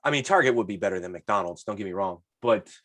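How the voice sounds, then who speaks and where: A man co-hosting a podcast, telling stories in casual chat with lots of swearing and lively retellings. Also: lowish voice, fast talker, dry recording. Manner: profane, animated storyteller. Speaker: podcast co-host.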